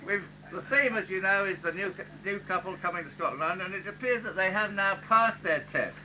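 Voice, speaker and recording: A man's voice: sits high, fairly quick. A man acting as master of ceremonies, introducing acts in a chatty, breezy way at a live community revue. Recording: very noisy live recording.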